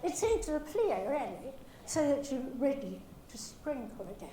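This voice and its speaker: A woman with a high, lively voice coaches dancers in an echoey studio, brisk and animated and calling them darling. Background noise runs clearly under her voice. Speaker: ballet coach. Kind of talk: coaching a ballet rehearsal.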